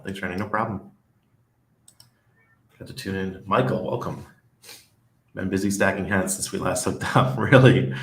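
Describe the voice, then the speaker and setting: A man's voice: low voice, fairly bright tone. A man hosting a casual live stream, chatting loosely and reading viewer comments aloud. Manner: rambling, with frequent restarts and laughs. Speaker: livestream host. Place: living in Panama. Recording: echoey room.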